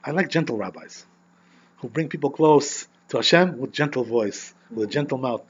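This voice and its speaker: A man who is a rabbi teaching an informal Torah class, animated and constantly checking in with "you know" and "right?". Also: mid-range voice, moderate pace, breathy edge, muffled recording.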